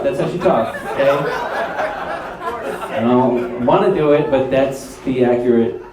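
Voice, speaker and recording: A man doing a stand-up comedy set, telling a story in an animated way and laughing through his lines. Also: medium pitch, measured pace. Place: live comedy stage. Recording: roomy live venue with crowd. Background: audience laughter.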